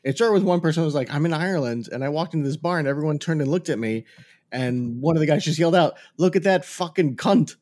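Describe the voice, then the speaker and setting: A man's voice: a little high, darkish tone. A middle-aged man co-hosting a podcast, chatting and laughing through his stories. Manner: chatty, quick asides, laughs while telling stories. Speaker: podcast co-host. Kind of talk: casual chat.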